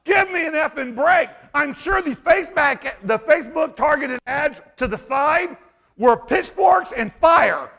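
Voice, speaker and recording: A man giving an animated conference talk, sarcastic and emphatic, rambling through restarts and breaking into shouts. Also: very high voice, measured pace, creaky. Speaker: conference speaker. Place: conference hall stage.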